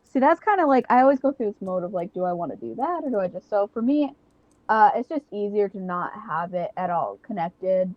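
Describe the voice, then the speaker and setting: A woman's voice: medium pitch, lively intonation, fairly quick, dry recording, muffled recording. A woman co-hosting a casual chat podcast, talking hesitantly with many fillers. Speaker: podcast co-host.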